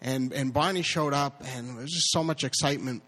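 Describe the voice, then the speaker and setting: A man telling a personal story live, stammering and repeating words, with lively impressions of others. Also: medium pitch, fairly quick.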